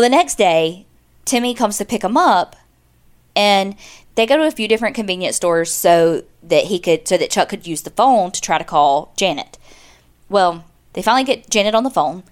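A woman's voice: medium pitch, lively intonation, normal speed. A woman, casually telling a true-crime story as a podcast co-host, chatty and full of "like.". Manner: chatty, lots of "like", acts out quotes.

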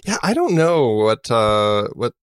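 A man's voice: medium pitch, big pitch swings, takes it slowly, clean tone, dry recording. A man co-hosting a podcast in casual chat, joking and laughing at himself. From United States. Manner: jokey, laughing, self-mocking. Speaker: podcast co-host. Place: home studio near Phoenix.

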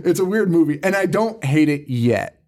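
A man's voice: fairly high pitch, animated, moderate pace, a little mellow. Profane, laughing man telling stories. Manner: rambling, profane storytelling, laughs often. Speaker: podcast co-host. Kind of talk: casual chat.

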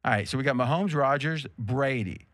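A man hosting a sports betting show, ribbing his co-host in quick, jokey studio banter. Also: mid-range voice, a bit bright, no echo.

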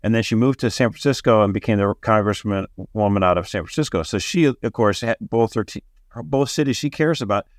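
A man co-hosting a podcast, chatty and quick with a joke, often stumbling over repeated words. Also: on the low side, no echo, studio quality. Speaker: podcast co-host. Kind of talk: casual podcast chat.

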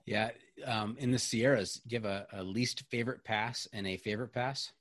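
Low-voiced man hosting a podcast. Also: fairly even intonation, a little fast, a bit bright, no room sound, clean studio sound. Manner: curious, self-deprecating questioner. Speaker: podcast host. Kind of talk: podcast interview questions.

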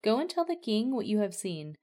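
A stern male army commander who refuses flatly, read by a woman in a scripture reading. The voice sits a little lower and stays firm. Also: a little fast, natural voice.

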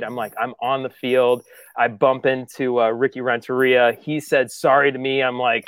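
Animated storytelling man, dry studio sound. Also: mid-range voice, normal speed, clear, resonant tone, no room sound. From Chicago area. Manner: animated storyteller, acts out his own quotes. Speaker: podcast host. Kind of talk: casual storytelling chat.

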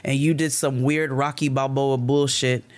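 A man's voice: mid-range voice, normal speed. A man from the United States co-hosting a podcast, telling a story in casual chat with lots of swearing and acted-out quoted dialogue. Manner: animated, profane storytelling that acts out quoted dialogue. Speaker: podcast co-host.

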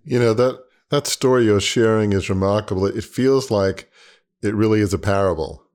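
A man's voice: on the low side, normal speed, darkish tone. A male podcast host responding reflectively and affirmingly to his guest's story. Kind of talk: conversational interview.

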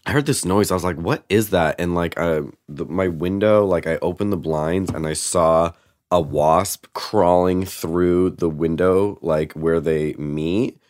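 A man's voice: low-pitched, measured pace, darkish tone, no echo, clean studio sound. A man chatting casually as a podcast guest, telling rambling stories full of "like". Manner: rambling storyteller, heavy use of "like". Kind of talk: casual chat.

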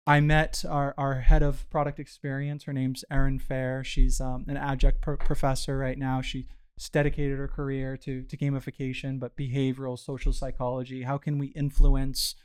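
Smooth-voiced man telling a casual story. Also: mid-range voice, moderate pace, hardly any pauses. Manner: relaxed, filler-heavy, frequent restarts and "you know". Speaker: startup founder guest.

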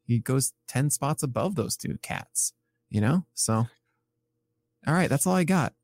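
Man, podcast co-host, gravelly, casual, stat-heavy, self-correcting. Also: mid-range voice, expressive, unhurried, a little mellow. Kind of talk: casual podcast chat about pitching stats.

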